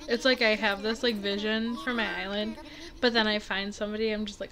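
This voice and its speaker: A young woman giving rambling, giggly, excitable casual commentary while she plays a video game, with faint game music behind her. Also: medium pitch, moderate pace, long pauses. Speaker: gaming video creator.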